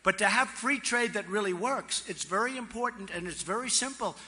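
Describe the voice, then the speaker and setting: Bright-voiced man booming through a hall. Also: fairly quick. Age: 60s. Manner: boastful and repetitive, with chatty asides to the crowd. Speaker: political candidate. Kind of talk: campaign rally speech. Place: large rally venue. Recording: long reverb of a large hall.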